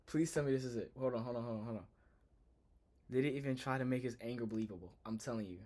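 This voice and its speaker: A young man streaming a casual reaction, talking loudly in slangy, animated exclamations. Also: medium pitch, fast talker. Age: young adult.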